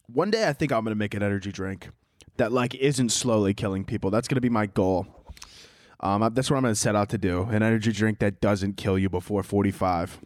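A man's voice: fairly low pitch, fairly quick, no room sound, studio quality. A young man hosting a podcast, with a rambling, profane comic monologue, often laughing at his own jokes. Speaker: podcast host. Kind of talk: casual comedic monologue.

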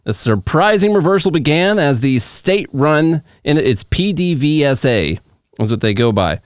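A man with a smooth, resonant voice talks through a news story on a podcast, reading lines aloud and stopping to explain a chart. The sound is dry and close, as in a small studio. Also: fairly high pitch, sing-song, normal speed, no room sound. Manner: reads articles aloud and explains charts with asides. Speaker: podcast co-host. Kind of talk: casual news commentary.

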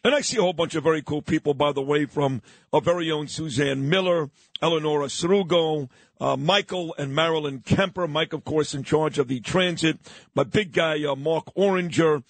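A brash middle-aged man, hosting a morning talk radio show. His voice sits a little high for a man, and the studio sound is dry and close. He tells stories with gusto, acting out the people he quotes. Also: moderate pace, no echo. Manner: brash, storytelling, acts out quotes. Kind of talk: animated talk radio monologue.

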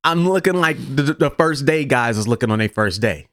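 A man hosting a podcast, telling a story in a casual, animated, profane way. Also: medium pitch, a little fast, slight background noise. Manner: animated, profane, laughs through his story. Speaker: podcast host.

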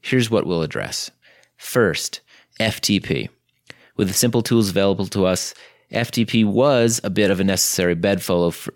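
A man hosting a podcast, reading a scripted intro while ill and losing his voice, so his voice sounds deep and gravelly. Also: no room sound, clean studio sound. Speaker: podcast host.

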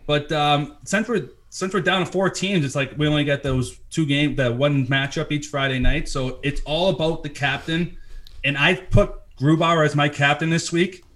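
A man's voice: fairly high pitch, fairly even intonation, moderate pace, a bit bright. A man co-hosting a sports podcast, teasing his friends, laughing and swearing in casual banter. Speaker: podcast co-host.

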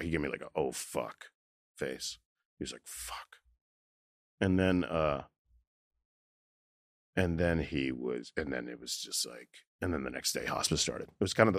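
Brief: low-pitched man in his forties, candid emotional storytelling, halting and restarting, dry close sound. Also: no echo. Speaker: interview guest, comedian.

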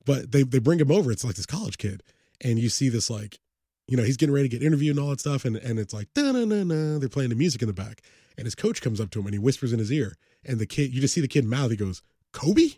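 A man's voice: mid-range voice, fast, breathy edge, no echo, clean studio sound. A man co-hosting a sports podcast in loose, profane casual chat. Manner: profane, animated, breaks into song. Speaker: podcast co-host.

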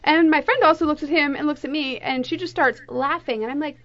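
Woman co-host, high voice, chatty storyteller, slightly muffled lo-fi recording. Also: fast talker, few pauses, fairly bright tone. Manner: chatty, storytelling with playful asides. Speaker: podcast co-host. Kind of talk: casual chat.

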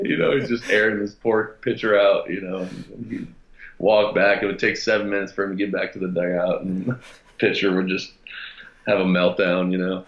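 A man telling a story as a podcast guest, reflective and halting, with frequent restarts. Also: sits low, level tone, fairly bright tone. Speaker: podcast guest, gym founder. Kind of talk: casual storytelling interview. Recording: roomy, dull sound.

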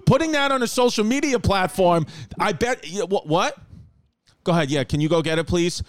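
A man hosting a casual comedic podcast from his apartment, rambling and joking in an animated way. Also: high-pitched, normal speed, no room sound. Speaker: podcast host. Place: home apartment.

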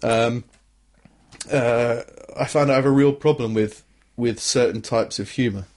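A young man rambles through a casual comedy podcast chat. He restarts his sentences, trails off and laughs at his own points, and his voice sits at an ordinary middle pitch. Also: fairly even intonation, measured pace, darkish tone. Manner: rambling, self-interrupting, laughs often. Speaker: podcast co-host.

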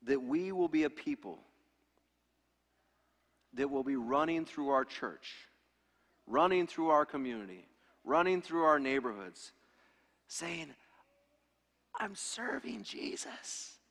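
A man's voice: medium pitch, animated, unhurried, pauses often, fairly bright tone. A pastor in his thirties preaching an earnest, emphatic sermon with lots of repetition. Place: church sanctuary. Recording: reverberant hall.

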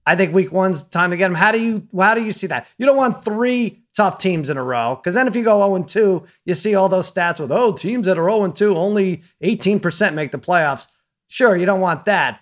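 High-voiced animated man talking sports. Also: brisk, few pauses. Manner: animated, acts out quotes. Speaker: podcast co-host. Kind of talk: casual sports talk.

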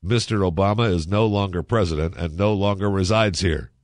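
A stern, formal young Marine on guard duty, clipped and proper, as a radio host reads him in his own low voice. The voice is deep and close, with a dry sound. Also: fairly quick, no room sound, close to an everyday voice. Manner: formal, clipped, growing exasperated.

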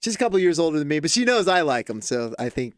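A man co-hosting a podcast in casual chat, chatty and quick to chime in. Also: a little high, very animated, dry recording, studio quality. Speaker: podcast co-host.

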